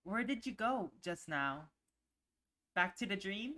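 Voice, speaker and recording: A woman voicing a gentle, playful young male furry character from a visual novel, soft and caring with a teasing edge. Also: medium pitch, expressive, slow. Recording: music playing underneath.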